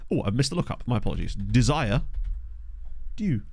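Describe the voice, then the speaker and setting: A man's voice: medium pitch, a little fast, vocal fry, breathy edge, no room sound. A young man casually chatting and laughing as he streams a management game, talking into a desk mic. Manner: animated, laughs often, chatty asides. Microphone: desk condenser mic.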